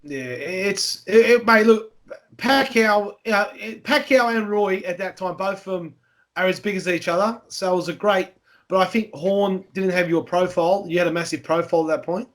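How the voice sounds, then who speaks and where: A man's voice: sits high, moderate pace, a bit bright. A man hosting a podcast, asking easygoing questions in a casual interview. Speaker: podcast host.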